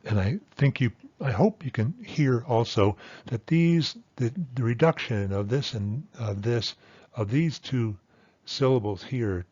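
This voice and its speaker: A man teaching a language lesson, explaining patiently and repeating example words slowly and carefully. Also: mid-range voice, darkish tone, no room sound. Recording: dull lo-fi dry sound.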